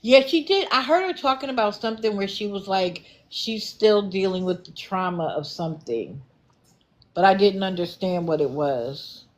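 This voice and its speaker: A middle-aged woman hosting a livestream, giving casual, sassy commentary and answering her chat in an animated way. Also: medium pitch, moderate pace. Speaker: livestream host.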